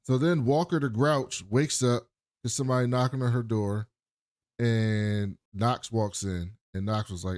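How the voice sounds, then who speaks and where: A man co-hosting a casual podcast, retelling a TV episode with lively put-on voices and plenty of swearing. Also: fairly low pitch, normal speed, no echo, clean studio sound. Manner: animated retelling, puts on characters' voices, swears freely. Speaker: podcast co-host. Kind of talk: casual TV recap chat.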